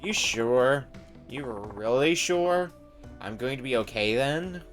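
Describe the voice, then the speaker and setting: A man's voice: mid-range voice, lively intonation, slow, fairly bright tone, faint music behind. A man reading the lines of an anxious, clingy young woman in a game, in a fretful, pleading way.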